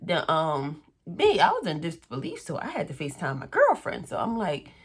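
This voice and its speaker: Blunt, profane young woman vlogger, low voice. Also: huge pitch swings, normal speed, slightly rough. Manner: blunt, profane, chatty storytelling. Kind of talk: casual storytime vlog.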